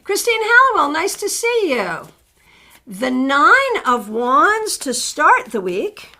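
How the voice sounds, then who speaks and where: A middle-aged woman runs a live tarot stream, greeting viewers by name and reading their cards with warm chatter. Her voice is high-pitched and very animated, and she takes things slowly.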